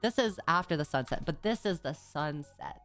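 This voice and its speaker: A woman's voice: deep voice, animated, normal speed, a bit bright, soft background music. A young woman streamer chatting casually and rambling as she recaps a trip, full of "like" and slang. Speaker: VTuber streamer.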